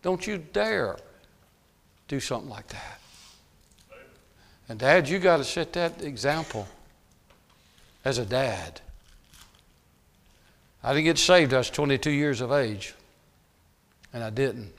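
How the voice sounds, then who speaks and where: A middle-aged man preaching a folksy sermon, dropping to quiet asides and rising to loud shouts. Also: medium pitch, expressive, slow pace, vocal fry, pauses often.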